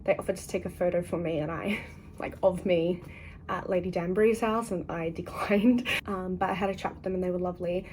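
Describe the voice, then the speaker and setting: A young Australian woman chatting in a casual vlog from a hotel room, giggling often and filling pauses with "um" and "like". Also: lowish voice, steady tone, darkish tone, slight background noise, low-quality recording. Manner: chatty, giggly, many ums and likes. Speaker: book vlogger.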